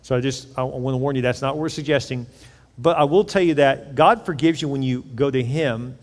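A man's voice: mid-range voice, fairly quick. A middle-aged man preaching a sermon as pastor, conversational, acting out little scenes with quoted voices. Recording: reverberant hall.

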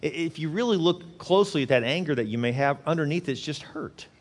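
Pastor guy preaching, kinda high voice, repeats himself a lot, big reverby hall. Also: expressive, a little fast. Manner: earnest, repetitive preaching with acted-out quotes. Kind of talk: sermon.

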